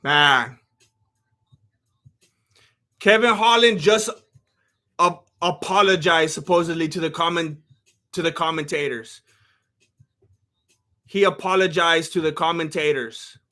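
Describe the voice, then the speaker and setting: A man doing live reaction commentary on a fight, ranting and often shouting, pausing to thank new followers. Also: a little high. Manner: thanks followers by name between rants. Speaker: live fight companion streamer.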